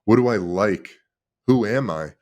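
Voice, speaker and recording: A man's voice: lowish voice, expressive, measured pace, darkish tone. A man in his thirties, a former pro football player, tells his personal story as a guest in an emotional, confessional way and swears freely.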